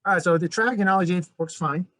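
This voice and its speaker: A man's voice: high-pitched, quick pace, sharp tone, no echo, rough recording. A man teaching a college physics lecture in a loose, conversational way, calling his students "guys" and often restarting his sentences. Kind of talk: recorded lecture.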